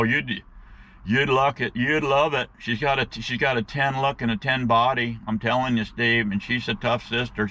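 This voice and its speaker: A man telling a rambling, folksy story to his viewers in a casual, animated way, with plenty of slang, and he calls them guys. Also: on the low side, lo-fi sound. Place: outdoors.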